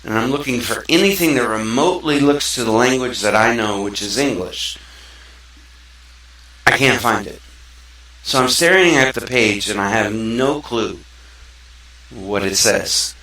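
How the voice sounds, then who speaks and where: Hosting his own show, a man from South Mississippi gives a casual monologue that's earnest, rambling and conversational. His medium-pitched voice is animated, bright and forceful, and he speaks unhurriedly with frequent pauses. The room is echoey and he sits far from the microphone.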